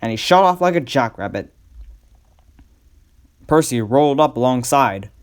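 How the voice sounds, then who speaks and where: A man reading a storybook aloud as the narrator, in a measured, even way. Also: mid-range voice, clean tone.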